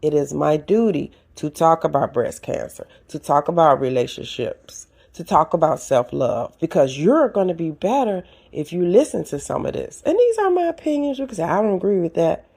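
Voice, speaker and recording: Animated woman giving advice, gravelly voice. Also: low-pitched, moderate pace, hardly any pauses. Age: older. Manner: animated, preachy, addresses listeners directly. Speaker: podcast host. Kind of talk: casual advice talk.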